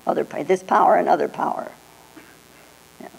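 Older woman, Zen teacher, unhurried dharma talk, gravelly low voice, old tape with mains hum. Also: rough recording. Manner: slow, reflective, with frequent "you know" and "huh?" asides.

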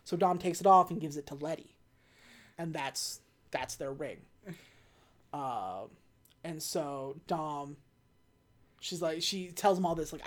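A woman casually recapping a movie plot on a podcast, telling the story with lively energy and acting out the characters' lines. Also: deep voice, slow pace, long pauses. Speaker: podcast co-host recapping a film. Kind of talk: casual chat.

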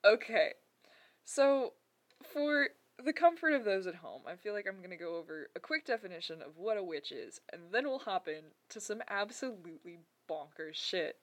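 A woman's voice: mid-range voice, expressive, moderate pace. A woman co-hosting a folklore podcast in casual, chatty talk with frequent laughs and rambling asides. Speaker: podcast co-host.

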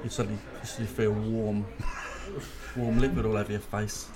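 A man's voice: fairly low pitch, flat delivery, quick pace, a little mellow, a little hiss or hum. A man co-hosting a podcast in casual chat, joking and bantering playfully. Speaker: podcast co-host.

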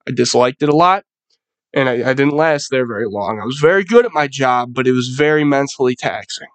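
A man's voice: medium pitch, a little fast, no room sound. A young man hosting a podcast, telling a rambling, profanity-laced story in a loose, casual monologue. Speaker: podcast host.

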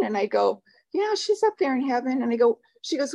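Older woman, meeting speaker; rambling, chatty testimony, voice a touch high. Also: animated, moderate pace, low-quality recording. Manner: rambling, warm storytelling with fillers and laughs. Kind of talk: personal testimony talk. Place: meeting room.

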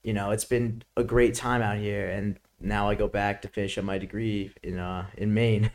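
A man's voice: on the low side, level tone, normal speed, a little mellow. Laid-back young New York man. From Brooklyn, New York. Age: young adult. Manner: laid-back, laughing, lots of "like". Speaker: guest. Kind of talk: casual chat.

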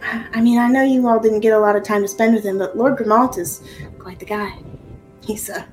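A woman's voice: fairly high pitch, steady tone, brisk, a little mellow, soft background music, close to an everyday voice, low-quality recording. A woman voicing a bubbly young woman with a put-on Southern accent, chirpy and full of exclamations.

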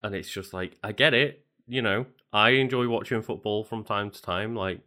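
A man co-hosting a casual chat, giving relaxed, wry comments. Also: fairly low pitch, moderate pace. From Liverpool. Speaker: podcast co-host.

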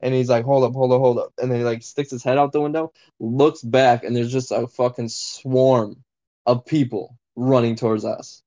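A man's voice: medium pitch, normal speed, dull audio. A man on a podcast telling a wild story in casual chat, swearing a lot and piling on fillers. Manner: profane, excitable storyteller, lots of fillers. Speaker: podcast co-host.

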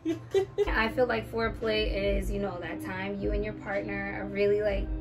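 A woman's voice: mid-range voice, little pitch movement, moderate pace, distant mic, music in the background, poor audio. A woman co-hosting a podcast in casual chat, playful and teasing, laughing often. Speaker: podcast co-host.

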